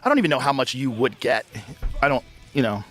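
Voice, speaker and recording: Fast, emphatic man in casual chat. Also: mid-range voice, faint music behind. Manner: animated, emphatic, repeats himself.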